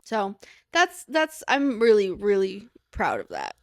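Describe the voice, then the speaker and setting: A woman's voice: medium pitch, wildly swooping pitch, takes it slowly. A young adult woman co-hosting a podcast in casual chat, enthusiastic and swearing casually. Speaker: podcast co-host.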